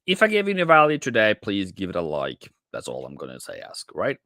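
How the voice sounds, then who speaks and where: A man talks through a live trading stream in a casual, chatty way, greeting his viewers and calling them mate and brother. His voice sits low, but his pitch swings widely as he talks. The recording is dry and close, with no room sound. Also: huge pitch swings, brisk, pushed and bright, no echo. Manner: chatty, addresses viewers directly, many restarts.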